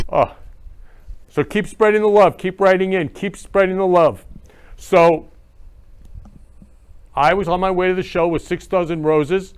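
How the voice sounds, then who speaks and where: A man's voice: high voice, a little slow, long pauses, clear, resonant tone. A man hosting his own show, talking in a gushing, repetitive way. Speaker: show host. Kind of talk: emotional casual talk.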